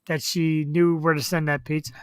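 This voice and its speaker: A woman's voice: sits low, level tone, normal speed, dry recording, studio quality. A woman hosting a live web show, chatting casually and rambling with easy laughs. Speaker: show host.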